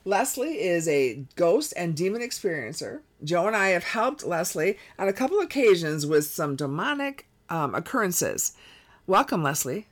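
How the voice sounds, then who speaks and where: A woman's voice: on the low side, very animated, normal speed. A woman hosting an interview podcast, asking her guest open questions in an encouraging way. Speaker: podcast host.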